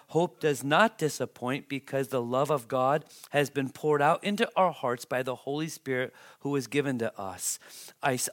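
A man preaching a sermon as a pastor, conversational and then emphatic, with animated asides to the congregation. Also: medium pitch.

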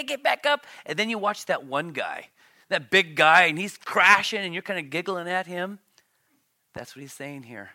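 A middle-aged man preaching a sermon in church, animated, his voice climbing when he tells stories. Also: mid-range voice, dry recording, clean studio sound. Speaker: pastor.

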